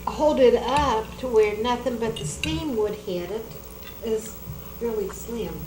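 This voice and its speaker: A woman's voice: fairly high pitch, takes it slowly. A woman co-hosting a dinner show, chatting in a homey way about her cooking. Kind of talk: casual chat over dinner. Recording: echoey room with background noise.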